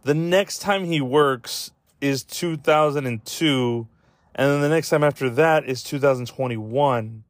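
A man's voice: a little high, dry recording. A man in casual podcast chat who rambles with lots of fillers and swearing, choked up and close to tears. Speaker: podcast host.

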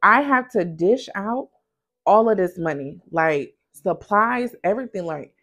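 A woman's voice: mid-range voice, animated, a little slow, fairly bright tone. A woman who runs a small business and hosts a podcast, talking frankly and conversationally, straight to her listeners. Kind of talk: candid motivational talk.

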